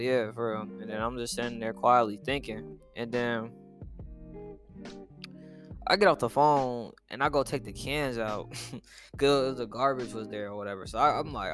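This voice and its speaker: A young man telling a personal story in a rambling, halting way, full of slang and swearing and often trailing off quietly. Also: medium pitch. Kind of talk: casual storytelling monologue.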